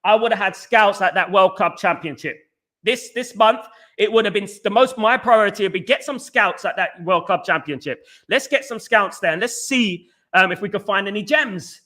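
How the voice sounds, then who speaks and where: A man hosts a casual livestream and reads out viewer comments. His voice sits high and bright, and he talks excitably. He slips into chants and says the same phrases over and over. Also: normal speed. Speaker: livestream host. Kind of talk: casual live chat reading comments.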